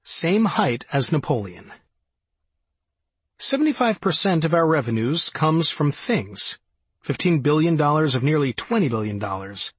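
A man narrating a nonfiction audiobook in a measured, even reading style. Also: a little high, husky, no echo.

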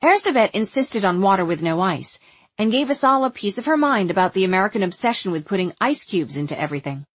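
A woman narrating an audiobook in a wry, observant first-person voice. Her tone is husky and her pitch moves in a lively way, and the recording is close and dry. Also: quick pace, dry recording. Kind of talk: scripted narration.

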